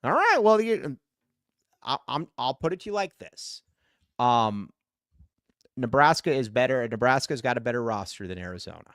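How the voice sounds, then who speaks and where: A man co-hosting a casual sports podcast livestream, talking in an excitable way and reading viewer comments aloud. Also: mid-range voice, normal speed, pauses often, dry recording, clean studio sound. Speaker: podcast co-host.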